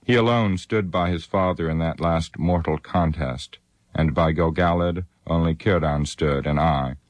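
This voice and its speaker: A man voicing an ancient, sorrowful elf lord who speaks gravely and solemnly in an audiobook reading. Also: low voice, unhurried, no room sound.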